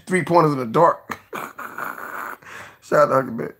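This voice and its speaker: A man hosting a casual live stream, joking, cursing freely, laughing often and giving shout-outs to viewers. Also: on the high side, normal speed.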